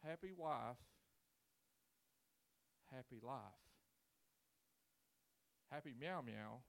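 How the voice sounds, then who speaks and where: A man's voice: mid-range voice, lively intonation, very slow, gravelly. A man in his forties, a pastor preaching a sermon with folksy, joking storytelling and casual grammar. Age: 40s.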